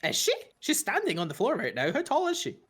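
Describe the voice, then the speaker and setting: A game master narrating a tabletop game in a lively, rambling manner. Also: mid-range voice, fairly quick, slightly rough.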